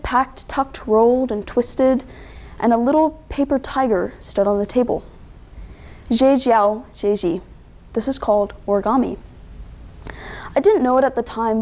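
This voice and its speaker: High-voiced teen girl performing a dramatic story. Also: dark tone. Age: teens. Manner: dramatic, deliberate storytelling with pauses. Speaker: student competitor.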